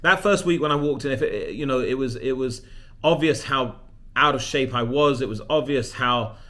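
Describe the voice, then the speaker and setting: A man in his forties chats at a middle pitch about himself, rambling and cheerfully poking fun at himself. He keeps restarting his sentences as he goes, in an easy personal vlog tone. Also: moderate pace, bright, forceful tone. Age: 40s. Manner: chatty, self-deprecating, rambling with restarts. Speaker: leadership coach.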